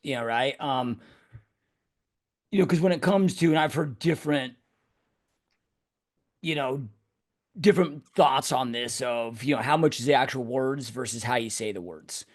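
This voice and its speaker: A man's voice: medium pitch, moderate pace, long pauses. A man hosting a podcast conversation over an online call, talking casually and saying "dude" and "you know" a lot. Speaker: podcast host. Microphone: online call mic.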